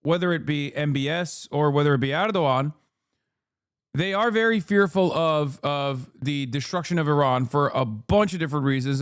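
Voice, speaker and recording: A man's voice: medium pitch, clear, resonant tone. A man hosting a stream, giving blunt, profane political commentary in casual chat. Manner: blunt, profane, opinionated, with fillers like "like" and "okay?". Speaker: streamer host.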